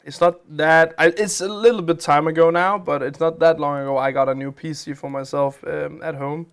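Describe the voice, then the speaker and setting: A man's voice: a little high, steady tone, normal speed, clean tone. A man hosting a game live stream, chatting casually as he plays, with a chatty, rambling manner. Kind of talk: casual live-stream chat while playing games.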